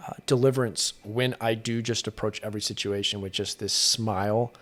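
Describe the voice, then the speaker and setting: A man's voice: lowish voice, fairly even intonation, brisk, fairly bright tone. Earnest man telling stories on a podcast. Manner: earnest storytelling with frequent restarts. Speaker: guest, exorcist. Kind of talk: casual podcast conversation.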